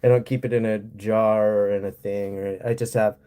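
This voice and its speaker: A man's voice: fairly low pitch, flat delivery, normal speed, mellow, clean tone. Blunt, profane man ranting at chat. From Montana, USA. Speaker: streamer answering chat. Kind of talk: casual ranting livestream chat.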